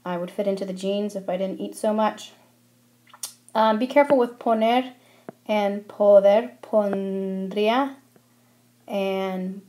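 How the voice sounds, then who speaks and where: A woman's voice: medium pitch, darkish tone. A woman explaining Spanish grammar over slides in a friendly way, with frequent ums. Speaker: Spanish teacher. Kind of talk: classroom lesson narration over slides.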